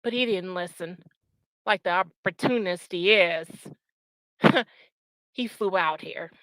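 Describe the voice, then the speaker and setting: A woman delivers a scornful, profanity-laced rant straight to her viewers. Her tone is bright and tense, and she takes her time as she hammers each point home. The sound is dry and close. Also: on the low side, slow pace, dry recording, low-quality recording. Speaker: channel host. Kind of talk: angry ranting commentary.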